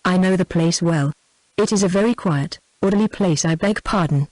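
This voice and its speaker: A woman's voice: fairly low pitch, moderate pace, no room sound, lightly acted, rough recording. A woman's synthetic text-to-speech voice reading the lines of a male English cab driver in a storybook. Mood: plain. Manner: deferential, steady synthetic reading.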